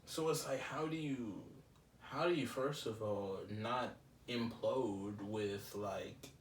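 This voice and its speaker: A man's voice: fairly low pitch, slow pace. A young man talking casually in a solo podcast, rambling and reflective with lots of fillers. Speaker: podcast host. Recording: roomy, slightly distant mic with faint ambient noise.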